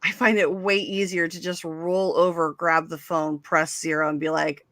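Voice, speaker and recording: A woman in her thirties with a bright, forceful voice trades sarcastic, profane banter as a guest. Her voice sounds dry and close, with no room around it. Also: lowish voice, flat delivery, normal speed, no echo. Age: 30s. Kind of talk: casual chat.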